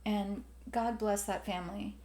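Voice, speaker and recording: A woman's voice: mid-range voice, fairly even intonation, unhurried, darkish tone. Southern woman podcast host, wry and joking, echoey room. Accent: Southern American. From Alabama, US. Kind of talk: casual podcast chat.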